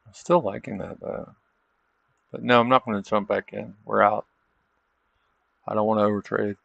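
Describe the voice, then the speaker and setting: A man's voice: lowish voice, steady tone, moderate pace, creaky, no echo, dull audio. A man hosting a trading livestream, chatting casually over charts and tossing in tag questions like "isn't it?". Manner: loose, chatty, thinking aloud.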